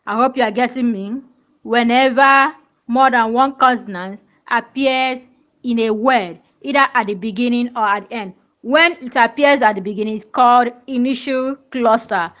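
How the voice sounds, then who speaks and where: A woman's voice: on the high side, moderate pace, fairly bright tone, lo-fi sound. A woman teaching a pronunciation lesson, repeating words and checking that learners follow. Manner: repetitive, checks understanding with questions.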